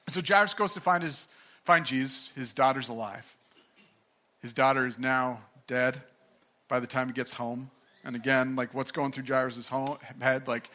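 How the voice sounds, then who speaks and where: Young man, pastor, casual sermon, bright tone, frequent restarts. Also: mid-range voice. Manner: earnest, conversational, many fillers and restarts.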